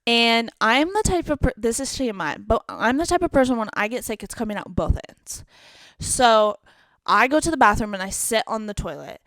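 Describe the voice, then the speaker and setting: In her twenties, this podcast co-host animatedly recounts a night out, performing her friends' lines in a casual storytelling chat. Her voice sits a little high with a fairly bright tone, moving at a moderate pace with no echo.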